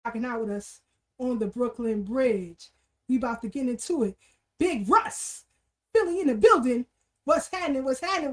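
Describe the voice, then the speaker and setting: A woman hosting a casual livestream, energetically greeting viewers and repeating her greetings. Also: sits high. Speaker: livestream host. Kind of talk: casual livestream shout-outs and chat.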